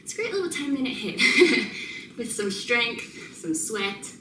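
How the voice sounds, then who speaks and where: A woman's voice: fairly high pitch, animated, slow pace, far from the mic. Breathless woman cueing a home workout. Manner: upbeat, laughing often, counting down reps. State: slightly out of breath. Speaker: fitness instructor. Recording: roomy, noisy, mic set away.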